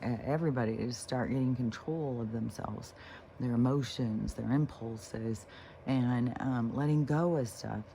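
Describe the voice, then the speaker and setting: A woman's voice: extremely low pitch, gravelly, warm tone, a little hiss or hum. A woman vlogger talking casually and unscripted about healing and letting go. She rambles, swears offhandedly and restarts her sentences often. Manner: slow, unhurried delivery. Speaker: spiritual vlogger.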